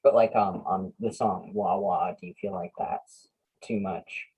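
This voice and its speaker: A man's voice: low voice, steady tone, measured pace, mellow, breathy edge, poor audio. A man hosting a podcast, asking the guests casual questions and joking. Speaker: podcast host.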